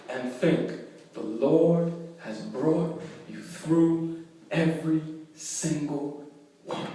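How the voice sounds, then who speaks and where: A man in the pulpit delivers a slow, deliberate sermon in a voice a touch higher than usual. His phrases rise to loud emphatic peaks and then fall away quietly. The sound is distant, with a heavy church-hall echo. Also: a little hiss or hum. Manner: slow deliberate phrasing on key lines, quick asides when storytelling. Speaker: pastor.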